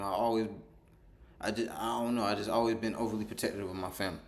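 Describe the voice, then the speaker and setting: Male storyteller, casual rambling monologue, lively delivery, reverberant room. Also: fairly low pitch, quick pace. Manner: rambling, animated, acts out quoted dialogue. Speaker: storyteller vlogger.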